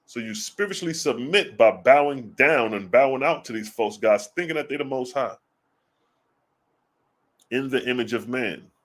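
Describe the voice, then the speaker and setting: A man in a mid-range voice gives casual religious commentary. He talks bluntly and swears freely, pressing his listeners with rhetorical questions. He slows right down whenever he reads scripture aloud. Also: mid-range voice, expressive. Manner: reads scripture slowly and deliberately.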